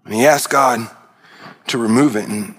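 A man's voice: medium pitch, normal speed, fairly bright tone, husky. A man preaching a sermon as pastor, impassioned, often repeating words and restarting mid-phrase.

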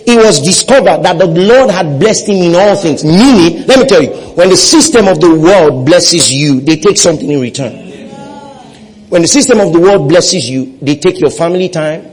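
A man's voice: high-pitched, husky, poor audio. A man preaching a sermon, leading his congregation in call-and-response and repeating phrases for emphasis. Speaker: pastor.

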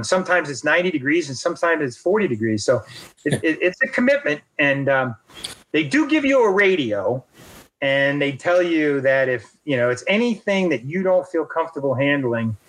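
A man's voice: fairly high pitch, fairly bright tone, low-quality recording. A middle-aged man, a golf rules official, telling a self-deprecating story in an interview with many fillers.

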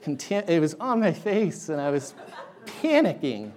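A man preaching a sermon, telling a personal story in an animated, self-deprecating way. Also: a little high, unhurried. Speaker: pastor.

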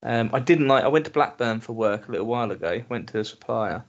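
An English man co-hosts a casual podcast chat at a middle pitch. He is blunt and grumbling and swears freely. The recording sounds dull and lo-fi. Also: lively intonation, fast talker. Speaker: podcast co-host.

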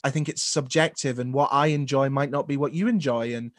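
A man's voice: medium pitch, quick pace, few pauses, dry recording, clean studio sound. A man hosting a podcast, from the United Kingdom, talking in casual chat, earnest and opinionated, with wry jokes at his own expense.

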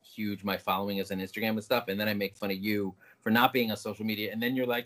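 A man's voice: fairly low pitch, little pitch movement, fast talker, a bit bright. A man, a father of school-age kids, co-hosting a podcast in casual banter, teasing and laughing often. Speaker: podcast co-host.

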